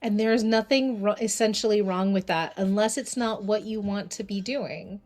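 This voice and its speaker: A woman on a casual stream panel, making measured, wry suggestions. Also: mid-range voice, a little mellow, faint music behind.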